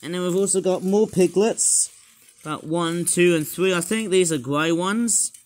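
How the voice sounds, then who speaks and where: Guy rambling through a toy unboxing, kinda high voice, bit croaky and sore, lots of um and eh. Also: normal speed. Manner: rambling, excitable, full of asides and fillers. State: slightly croaky sore throat. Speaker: toy reviewer. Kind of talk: casual unboxing review.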